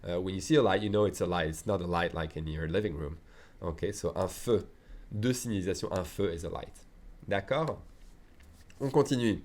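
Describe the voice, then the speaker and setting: A man's voice: deep voice, fairly quick, a little mellow. A French man with a French accent, teaching a chatty beginner language lesson, repeating phrases and checking in often.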